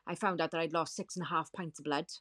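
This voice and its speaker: Female guest, low register; vivid, repetitive first-person storytelling. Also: fairly even intonation, fast talker, a bit bright. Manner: vivid, repetitive retelling with quoted dialogue. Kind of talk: personal storytelling in a podcast interview.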